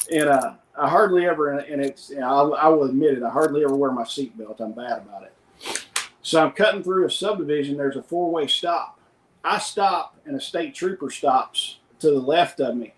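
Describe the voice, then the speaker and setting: A middle-aged man with a slightly higher voice tells loose, rambling anecdotes in relaxed podcast chat. He quotes other people without changing his voice. The room around him is echoey. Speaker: podcast co-host. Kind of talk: casual storytelling chat.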